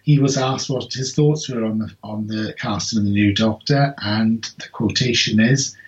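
A man's voice: on the low side, moderate pace, lo-fi sound. A man co-hosting a podcast in casual chat, rambling with many fillers and restarts. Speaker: podcast co-host.

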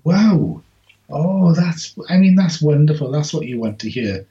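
A man's voice: fairly high pitch, lively intonation, a little slow, dark tone. Male podcast co-host, rambling and restarting, lo-fi sound. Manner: rambling, many fillers and restarts. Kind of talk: casual chat.

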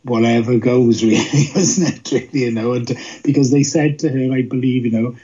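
A man's voice: medium pitch, steady tone, moderate pace, dark tone, breathy edge. A man co-hosting a podcast, chatting in a rambling, hesitant way with many restarts, recorded with dull lo-fi sound. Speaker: podcast co-host. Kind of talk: casual review chat.

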